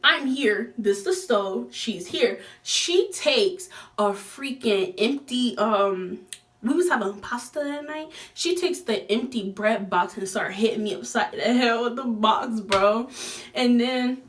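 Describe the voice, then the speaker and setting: Young woman vlogger, casual storytime, raised pitch, animated quotes, slightly distant recording. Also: takes it slowly. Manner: animated, slangy, acts out quoted lines with big pitch jumps.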